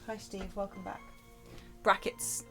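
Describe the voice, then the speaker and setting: A woman's voice: mid-range voice, little pitch movement, a little slow, music in the background. A woman with an English accent chatting casually while streaming a game, giggly and self-mocking, swearing often.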